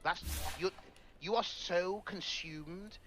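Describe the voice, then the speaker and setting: A man's voice: high voice, slow pace, background noise. A man lecturing bluntly in a heated casual debate. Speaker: debate guest.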